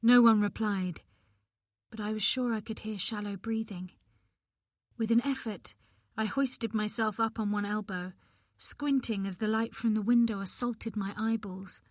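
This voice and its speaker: A woman narrating an audiobook in the first person, reading in an expressive, measured way. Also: mid-range voice, dry recording, clean studio sound.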